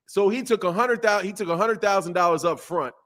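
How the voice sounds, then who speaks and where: A man giving a casual boxing commentary rant, animated and full of repeated rhetorical questions. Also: high-pitched, fast.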